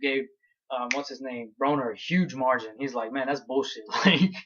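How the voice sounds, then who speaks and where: A man's voice: mid-range voice, moderate pace, muffled recording, noisy background. A young man ranting heatedly through a fight recap, blunt and profane. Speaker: vlogger.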